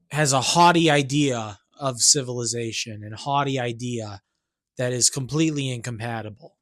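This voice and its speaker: A man's voice: medium pitch, a bit bright. A man talking to camera in a rambling, ranting monologue, breaking off and restarting and tagging his points with questions. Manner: rambling, self-interrupting, keeps asking "right?". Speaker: YouTuber and songwriter.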